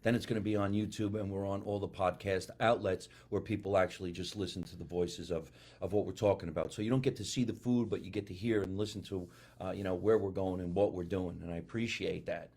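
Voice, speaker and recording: A man's voice: deep voice, steady tone, fast talker, hardly any pauses, a little mellow. A man from the Bronx with a New York accent, hosting a casual live comedy show and reading out viewer comments. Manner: loose, laughing banter, reads viewer comments aloud. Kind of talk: casual live-stream chat.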